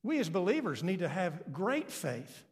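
A man's voice: high voice, very animated, moderate pace, big-room sound. A man preaching a sermon as pastor, retelling a story and repeating key phrases for emphasis.

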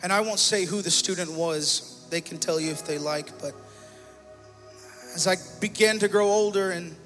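A male pastor with a high-sitting voice preaches a personal-testimony sermon at a moderate pace in a church sanctuary, repeating himself and growing more emotional and louder. The large hall adds its sound, with soft music in the background.

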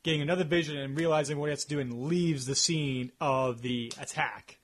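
A man's voice: on the high side, a little fast. A man co-hosting a casual review podcast, talking in long rambling stretches full of "like" fillers. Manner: rambling, heavy use of "like" fillers. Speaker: podcast co-host.

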